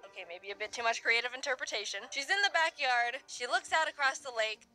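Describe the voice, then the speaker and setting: A young woman telling funny childhood stories with wry, animated delivery. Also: a little high, soft background music. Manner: animated, wry, puts on quick character voices. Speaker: animated storyteller. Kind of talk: comedic storytelling narration.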